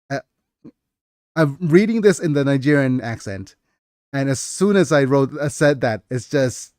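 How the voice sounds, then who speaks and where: A man's voice: mid-range voice, expressive, a little slow, a little mellow, dry recording, studio quality. Chatty man streaming his writing. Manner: self-correcting, chatty. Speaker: streamer and author. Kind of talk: casual livestream chat.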